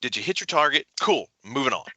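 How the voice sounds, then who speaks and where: A middle-aged man, talking as a guest on a video call. His voice is bright and forceful, his pitch swings widely as he tells stories, and the sound is close and dry. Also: dry recording. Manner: animated storyteller, folksy, quick jumps into voices. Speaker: author guest. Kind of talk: casual interview chat.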